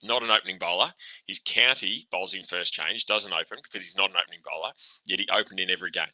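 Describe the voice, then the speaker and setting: A low-pitched Australian man with a very bright, forward tone rants bluntly through casual sports chat. He swears freely and breaks into laughter. The sound is dry and close. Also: fast, dry recording, low-quality recording. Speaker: podcast co-host, ex-cricketer.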